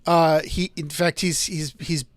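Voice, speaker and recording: A man's voice: a little high, fairly even intonation, a little slow, no room sound, studio quality. A man co-hosting a casual podcast discussion, telling stories with many hesitant restarts. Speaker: podcast co-host.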